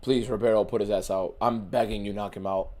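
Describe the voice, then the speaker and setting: A man streaming a fight watchalong, giving casual, profane live commentary that swings from shouting to muttering. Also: on the low side, fairly even intonation, quick pace.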